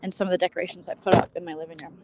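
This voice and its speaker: A woman in her forties from Minnesota, chatting casually on a live stream as she walks through a big store, often hushed to a near whisper. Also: lowish voice, flat delivery, racing, background noise. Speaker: vlogger host.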